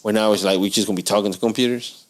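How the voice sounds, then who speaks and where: A man's voice: lowish voice, steady tone, racing. A man co-hosting a casual comedy podcast, telling stories and acting out phone calls in raised, put-on voices. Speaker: podcast co-host.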